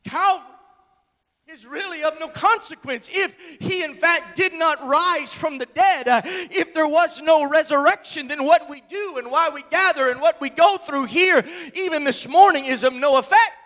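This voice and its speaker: A male preacher delivering an impassioned sermon, slow and emphatic, with many hesitant fillers. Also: very high voice, sharp tone. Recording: echoey church hall.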